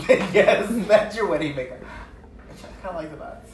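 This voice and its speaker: A man chatting casually and telling animated stories while doing makeup with a friend. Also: high voice, a little slow. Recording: echoey room, distant mic, noisy background.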